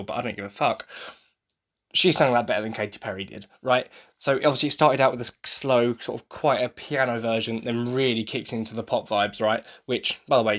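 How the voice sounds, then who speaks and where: A man's voice: fairly low pitch, fairly bright tone. Rambling, gushing English man. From England. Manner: enthusiastic, rambling fanboy gushing. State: tired. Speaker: podcast host. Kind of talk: casual solo podcast review.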